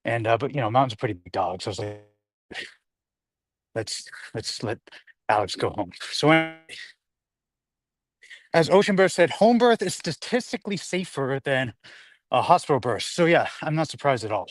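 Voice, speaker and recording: A man's voice: mid-range voice, very animated, fairly quick, a little hiss or hum. A man hosting a casual livestream while walking his dog outdoors. He rambles, reads viewer comments aloud and is slightly out of breath. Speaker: livestream host. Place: outdoors on a hillside street.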